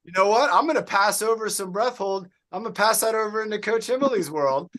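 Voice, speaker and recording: Male fitness coach on a video call. High voice, upbeat, encouraging, praises students by name. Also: animated, a little fast, sharp tone. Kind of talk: leading an online workout class.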